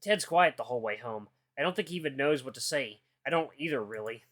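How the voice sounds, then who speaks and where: Expressive man reading a visual novel. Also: mid-range voice, fast. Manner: expressive, casual asides between narration. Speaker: gaming channel host. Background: faint guitar music.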